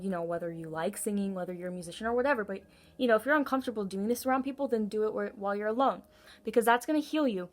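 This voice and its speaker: A woman's voice: medium pitch, a little mellow. A young woman talks through a tarot reading in a casual, earnest way, wandering into asides as she goes. Her voice sits forward and a little pinched, with a brassy edge. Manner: earnest, encouraging, rambling with many asides. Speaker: tarot reader.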